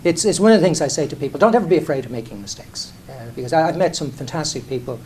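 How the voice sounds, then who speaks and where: A middle-aged Irish airline chief executive tells candid, self-deprecating stories on stage, conversational and full of restarts and "you know". His voice is on the high side with big pitch swings, he talks very fast, and the background is noisy.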